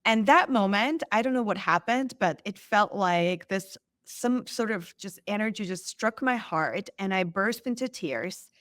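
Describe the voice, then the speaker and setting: A woman's voice: mid-range voice, measured pace, few pauses, no room sound. Lady guest telling her story on a podcast, acts out the quotes, dry mic. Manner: animated, acts out quoted lines. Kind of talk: storytelling in an interview.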